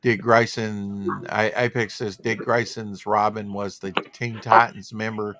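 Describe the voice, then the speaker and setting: A man with a somewhat low voice hosts a relaxed livestream from his home computer, wandering between tech gripes and comic-book trivia. He reads viewer comments aloud in an easygoing, rambling way. The sound is dry and close, with no room echo. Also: unhurried, soft background music. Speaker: podcast host. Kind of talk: casual livestream chat about comics.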